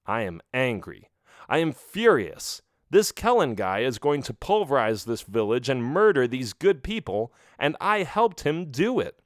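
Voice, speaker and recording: A man's voice: mid-range voice, sing-song, unhurried, no room sound. A man narrating a children's audiobook in the first person, reading expressively into a close mic.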